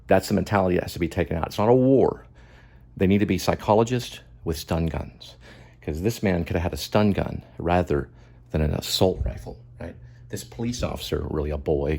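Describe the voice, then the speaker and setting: A man's voice: extremely low pitch, creaky, darkish tone, breathy edge. A man hosting his own show, giving emphatic, moralizing commentary on a video and repeating his points. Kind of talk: impassioned commentary.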